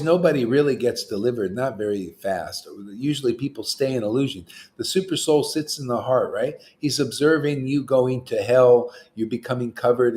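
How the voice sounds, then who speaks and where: A man preaching an informal devotional sermon, animated and chatty, slipping into slang and chuckling between points. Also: medium pitch. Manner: animated, acts out quoted voices; chuckles often, casual slang. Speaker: spiritual teacher.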